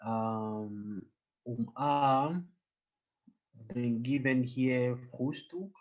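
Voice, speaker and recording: Slow-talking man teaching a German class. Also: medium pitch, a little mellow, lo-fi sound. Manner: patient, joking, mixes German into English. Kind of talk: online language class.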